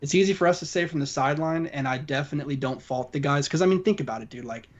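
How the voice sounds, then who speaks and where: Easygoing higher-voiced male co-host. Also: fast talker, muffled recording. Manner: easygoing, hedging, says "you know" a lot. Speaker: podcast co-host. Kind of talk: casual sports chat.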